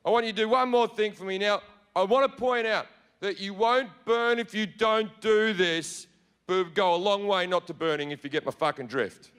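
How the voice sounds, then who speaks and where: A man voicing a petty, hateful, foul-mouthed male God who rants and shouts. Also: high voice, normal speed, clean tone, in a large hall. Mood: bossy. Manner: ranting, shouting and swearing.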